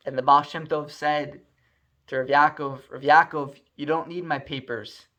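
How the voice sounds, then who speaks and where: A man's voice: a little high, normal speed. A man telling a story aloud, acting out the characters' lines with lots of feeling and frequent restarts. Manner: animated, acts out dialogue with many restarts. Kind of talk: storytelling narration.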